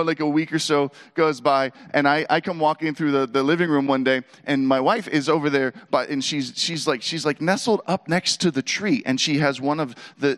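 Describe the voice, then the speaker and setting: A middle-aged man telling a humorous personal story to an audience, acting out the voices and laughing as he goes. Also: on the high side. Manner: animated, acts out quoted voices, laughs between lines.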